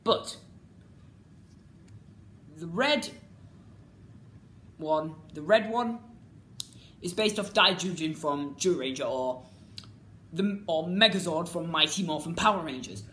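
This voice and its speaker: A woman rants through a casual review, exasperated and repetitive. Her voice leaps and dips in pitch, moving from loud cries to grumbling mutters. The sound is roomy and echoey, with a faint hiss of background noise. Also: expressive, slow, long pauses. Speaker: vlogger reviewing a TV series. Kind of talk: ranting casual commentary.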